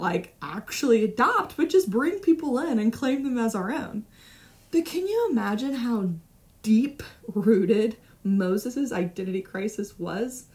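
A young woman teaching a casual Bible study, reading scripture aloud and talking it through in a conversational, animated way, often checking in with "right?". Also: medium pitch. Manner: conversational, animated, asks frequent "right?" tag questions.

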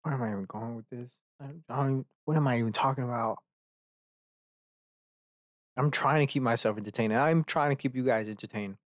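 A man's voice: mid-range voice, a little fast, pauses often, no echo, clean studio sound. A man hosting a solo podcast, rambling, swearing freely and breaking off to mock himself. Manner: rambling and profane, self-mocking asides. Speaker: podcast host.

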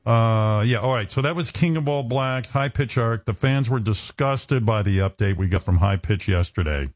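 Male radio host, low voice, dry studio sound, chatty animated storyteller. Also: no echo. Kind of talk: casual on-air chat and storytelling.

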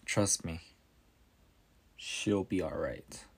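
Man voicing a kindly male healer, soft-spoken, gentle, storybook reading, low voice, slow. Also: slightly rough, heavily acted.

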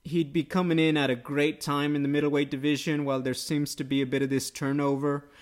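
A man hosting a casual MMA podcast, talking quickly and upbeat, tossing questions to his co-host. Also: a little high, little pitch movement. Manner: quick, upbeat, conversational with quoted asides. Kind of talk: casual sports chat.

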